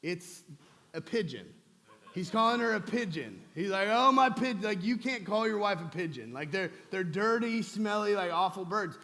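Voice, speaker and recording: Male pastor, conversational humorous sermon, slightly high voice, reverberant sanctuary. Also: expressive, moderate pace, a bit bright. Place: church sanctuary. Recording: long church hall reverb.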